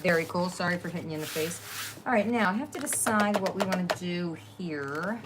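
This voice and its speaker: A woman's voice: on the low side, a little fast, heavy background noise. A middle-aged woman with a New Jersey accent, hosting a casual crafting livestream in a chatty, rambling way, laughing often. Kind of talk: casual live-stream chat.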